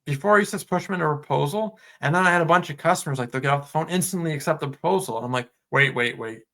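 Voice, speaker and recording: A man's voice: fairly high pitch, very fast, vocal fry. A man co-hosting a casual podcast, talking loosely with many fillers and acting out customer conversations. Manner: relaxed, lots of filler words, acts out customer dialogue. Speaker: podcast co-host.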